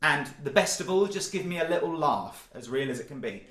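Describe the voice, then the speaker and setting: A man leading an online singing warm-up, encouraging and cheerful, often breaking into loud demonstration sounds. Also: a little high, lively intonation, fairly quick, reverberant, noisy background. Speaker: singing workshop leader. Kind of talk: online vocal warm-up session.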